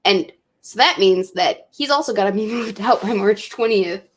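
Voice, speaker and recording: A woman's voice: medium pitch, moderate pace. Young woman vlogger, tipsy, emotional, swears a lot, casual chat. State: drinking, tipsy. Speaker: college student vlogger.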